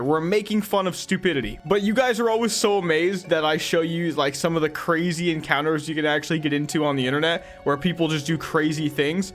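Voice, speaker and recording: A young man giving rambling, animated gameplay commentary as a YouTuber, talking straight to his viewers. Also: fairly high pitch. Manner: animated, rambling, addresses viewers as guys and dude. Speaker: gaming YouTuber.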